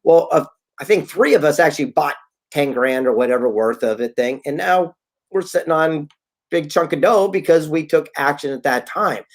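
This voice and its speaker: Animated storytelling man. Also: fairly high pitch, normal speed. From Southern California. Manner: animated storyteller, acts out quotes. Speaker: guest author and speaker. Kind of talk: casual interview storytelling.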